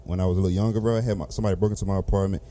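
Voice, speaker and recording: A man's voice: deep voice, steady tone, very fast, dark tone. A man co-hosting a podcast, easygoing and slangy in casual chat. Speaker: podcast co-host.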